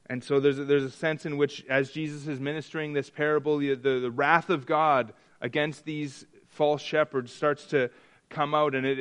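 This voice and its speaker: A man's voice: mid-range voice, a bit bright, clear, resonant tone. A man preaching a sermon in a church, chatting with the congregation, asking them questions and often restarting his sentences. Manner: conversational, asks the congregation questions; many restarts and repetitions. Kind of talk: interactive sermon.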